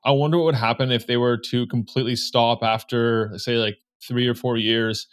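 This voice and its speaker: A man at a middling pitch hosts an interview. He asks his guest follow-up questions in a relaxed, conversational way. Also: normal speed. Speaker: interview host.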